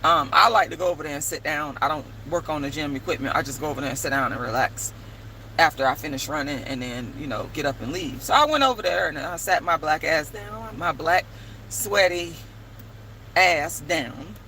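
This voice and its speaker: A woman telling a story to camera in a casual vlog, animated and emphatic, swearing freely. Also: low-pitched, moderate pace, a little hiss or hum, rough recording. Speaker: vlogger and playwright.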